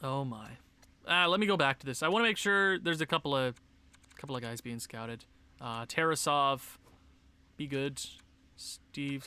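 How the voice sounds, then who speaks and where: A man giving casual, excitable commentary on a hockey video game, talking to his players and breaking into shouts and laughter. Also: on the high side, normal speed, smooth. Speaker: gaming YouTuber.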